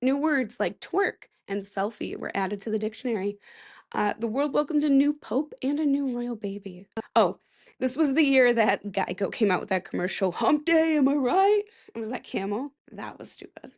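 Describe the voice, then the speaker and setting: A woman's voice: on the high side, moderate pace, a little mellow. A young woman hosting a casual solo podcast, chatty and rambling, with self-mocking asides and a voice that cracks now and then. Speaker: podcast host.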